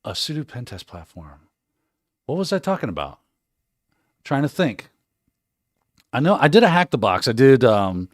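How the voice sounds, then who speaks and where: A man's voice: low-pitched, no echo, studio quality. A man hosting a livestream in casual chat, reading out viewer comments, joking and laughing often. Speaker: livestream host.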